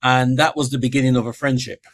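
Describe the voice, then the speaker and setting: A man's voice: mid-range voice, quick pace. Guy, middle-aged, telling his story on a podcast, does everyone's voices. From England. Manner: animated storyteller acting out quoted voices. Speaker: guest.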